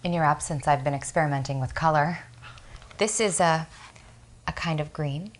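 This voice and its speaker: An actress playing an eccentric, needy wife who blurts awkward remarks and then apologizes. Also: female voice, deep voice, normal speed, natural voice. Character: eccentric, needy woman, a presumed-dead wife.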